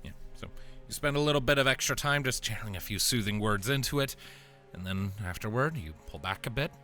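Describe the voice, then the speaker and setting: A man narrating a tabletop game as dungeon master, in a relaxed, rambling way with frequent laughs. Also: mid-range voice, fairly quick, faint music behind.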